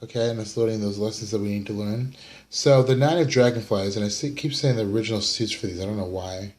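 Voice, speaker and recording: In a fairly low, darkish voice and at a fast clip, a tired young American man gives a casual weekly tarot reading recorded on a camera mic. He rambles, uses fillers, and apologizes for his yawning.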